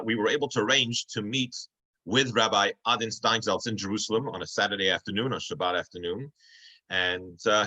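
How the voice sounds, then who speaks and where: A man's voice: mid-range voice, bright, forceful tone, low-quality recording. A man teaching a class over a video call, telling a story in a conversational way with many fillers and restarts. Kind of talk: online class storytelling lecture.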